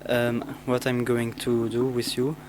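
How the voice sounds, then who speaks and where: A teenage boy introduces himself to pen pals, halting with many restarts and fillers. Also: mid-range voice, completely flat delivery, darkish tone, slight background noise, rough recording. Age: teens. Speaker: student.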